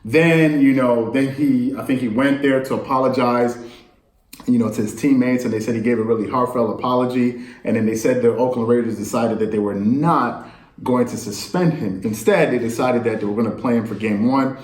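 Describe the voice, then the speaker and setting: A sports commentator rambles through the sports news in a casual monologue, sounding incredulous as he speaks straight to his viewers. His mid-range voice is a little mellow, with fairly even intonation and a moderate pace, in an echoey room.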